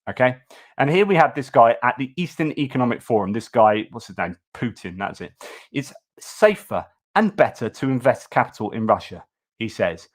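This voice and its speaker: A man runs a news livestream, talking through updates off the cuff. His delivery is chatty and loose, full of ums and quick restarts, with a voice of ordinary middle pitch. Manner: chatty and informal, frequent fillers and restarts. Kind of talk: casual news commentary.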